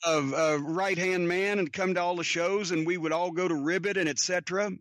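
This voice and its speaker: Male podcast host, high and bright, profane rambling storyteller. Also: steady tone, fairly quick. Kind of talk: casual storytelling.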